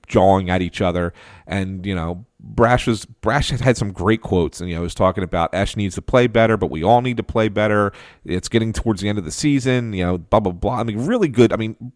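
A man who covers hockey, telling a casual story with animated delivery, frequent restarts and laughs. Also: lowish voice, no room sound, studio quality. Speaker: hockey reporter guest.

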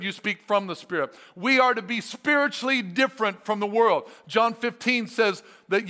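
A man preaching a sermon as a pastor, emphatic and energetic, repeating his phrases for effect. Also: high-pitched, fairly quick, big-room sound. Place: church sanctuary.

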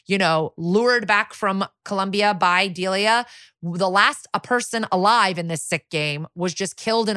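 A woman's voice: medium pitch, no echo, clean studio sound. A woman co-hosting a podcast, recapping a TV episode in a casual, profane way and acting out the characters' lines as she goes. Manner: lively storytelling, acting out characters' lines in quick bits. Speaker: podcast co-host.

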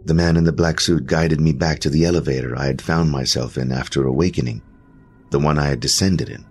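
A man's voice: rumbling low, fairly even intonation, brisk, darkish tone, husky, faint music behind. A man narrating a first-person horror story in an emotional, intense way.

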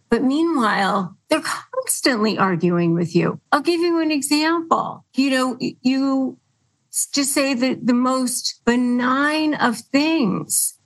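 A woman's voice: fairly high pitch, lively intonation, slow pace, low-quality recording. A woman hosting an advice podcast, explaining earnestly and acting out quoted lines. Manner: earnest, quotes others in mocking put-on lines. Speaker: podcast host.

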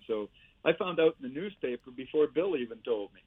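An older man, a former hockey player and coach, telling lively stories as a podcast guest over a remote line. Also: mid-range voice, fast talker. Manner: lively storyteller, chuckles through punchlines. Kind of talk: casual anecdote-telling. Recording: tinny phone line, dry.

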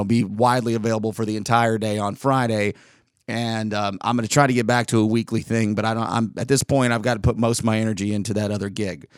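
A man hosting a solo podcast, talking in a rambling, candid way with frequent restarts, his voice slightly worn from weeks of yelling. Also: fairly low pitch, no echo, clean studio sound. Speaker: podcast host. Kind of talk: solo casual podcast monologue.

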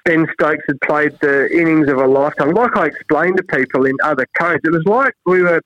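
A middle-aged Australian man in a relaxed interview, telling stories and acting out what others said. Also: brisk, no room sound. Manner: animated, acts out quoted voices with big pitch jumps. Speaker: national cricket head coach, guest. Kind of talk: casual storytelling interview. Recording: dry, dull lo-fi sound.

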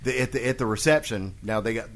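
A man's voice: mid-range voice, fast talker, a bit bright. Rambling male podcast host telling stories. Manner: rambling, restarts, clears throat often. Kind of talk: casual storytelling chat.

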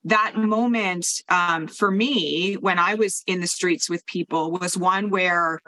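A middle-aged woman from Pennsylvania hosts the conversation and shares her own memories in a reflective, animated way. Her voice is fairly low yet bright and forceful. The sound is dry and close. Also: slow, no echo. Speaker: interviewer, host. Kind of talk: conversational interview.

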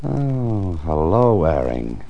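A man's voice: low-pitched, very animated, slow, lo-fi sound, heavily acted. An actor playing a hard-boiled male writer-adventurer in 1940s radio drama, wry and tense, narrating in first person.

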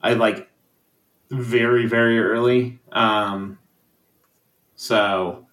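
A man's voice: mid-range voice, flat delivery, drawn-out words, fairly bright tone. Joking man in an echoey room. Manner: joking, swears freely. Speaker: podcast co-host. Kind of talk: casual chat.

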